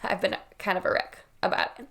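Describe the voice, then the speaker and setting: A woman's voice: fairly quick, bright, forceful tone. A woman in her thirties, a wedding planner, talking earnestly and reassuringly to camera from her home. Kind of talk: direct-to-camera vlog.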